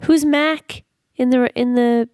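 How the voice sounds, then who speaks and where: A woman with a higher, mellow voice keeps cutting in with curious, joking questions. The sound is dry and close to the mic. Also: steady tone, slow pace, no room sound. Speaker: listener. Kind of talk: casual chat, joking.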